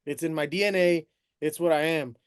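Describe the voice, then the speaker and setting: A man's voice: on the high side, fairly even intonation, brisk, smooth, dry recording, studio quality. A man who wrestles, a guest in a casual chat, speaking earnestly and from the heart.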